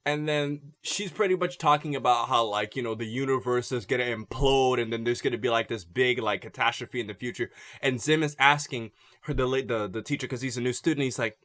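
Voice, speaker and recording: A man's voice: medium pitch, brisk, a bit bright. A young man co-hosting a podcast, laid-back and rambling with many fillers. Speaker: podcast co-host. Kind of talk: casual podcast chat.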